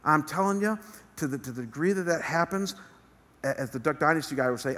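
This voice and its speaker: A man's voice: a little high, expressive, fairly quick, fairly bright tone. A male pastor preaching an earnest sermon from a church stage, building emphasis as he speaks. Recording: long reverb of a large hall.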